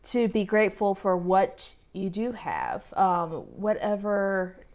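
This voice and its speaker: A woman's voice: mid-range voice, expressive, slow, vocal fry, darkish tone. A young woman doing a casual tarot reading for herself on camera, talking emotionally and sighing and laughing through tears. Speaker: tarot reader and vlogger. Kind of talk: casual self-reading vlog.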